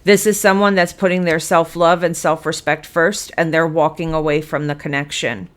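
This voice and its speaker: A woman's voice: low-pitched, little pitch movement, normal speed. A woman giving a blunt, emphatic tarot reading, cursing freely as she speaks to her viewers. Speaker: tarot reader.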